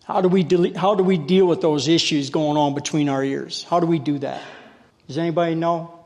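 A man's voice: fairly high pitch, fairly even intonation, a little fast, a little mellow. A male preacher telling folksy, self-deprecating stories in a sermon. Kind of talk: sermon with storytelling. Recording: long hall reverb.

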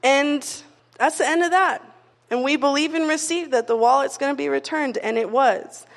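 A woman's voice: sits high, moderate pace. A young adult woman giving a casual, conversational sermon, telling stories in a chatty way with many "like" fillers. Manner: chatty storytelling, frequent "like" fillers. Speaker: preacher. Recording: long reverb of a hall.

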